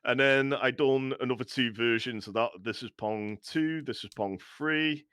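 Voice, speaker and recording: A man's voice: mid-range voice, moderate pace, a bit bright, clean tone, no room sound, clean studio sound. A man with a slight Scouse accent chatting casually on a live stream, rambling and laughing often as a guest. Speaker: guest game maker.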